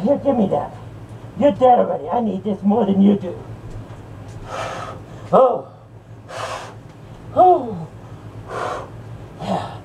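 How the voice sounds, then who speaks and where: A woman voicing a sneering male horror character in an improvised rant, taunting and mocking with sudden shouts and cackles, recorded on a distant mic with faint noise. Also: medium pitch, vocal fry, muffled recording.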